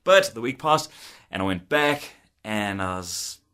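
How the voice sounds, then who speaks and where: Man, thirties, guitar tech, casual storytelling vlog, chatty, bright forceful tone, laughs a lot. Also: fairly low pitch, big pitch swings, measured pace, clear, resonant tone. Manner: chatty, laughs often, acts out old conversations. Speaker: guitar technician.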